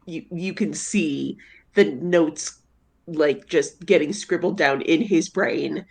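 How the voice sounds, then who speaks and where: A woman's voice: low voice, takes it slowly, vocal fry, darkish tone. A woman player describing her character's actions in a hesitant, amused way, with many fillers.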